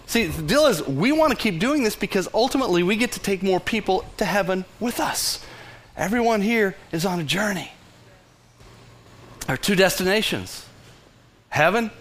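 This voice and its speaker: A middle-aged Texan pastor preaching with passion, his voice climbing and falling widely as he presses his point. He talks in bursts with many restarts and runs a little higher than most men. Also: fairly bright tone. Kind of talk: sermon.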